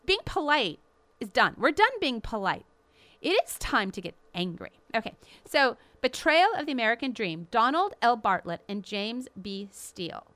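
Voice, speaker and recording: A woman hosting a show, delivering an impassioned, indignant commentary with emphatic, drawn-out stresses. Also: mid-range voice, bright, forceful tone, clean tone, no room sound. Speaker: radio show host.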